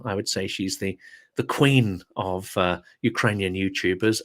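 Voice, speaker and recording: Earnest low-voiced man making firm points. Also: a bit bright. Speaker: guest, political channel host. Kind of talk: casual live chat.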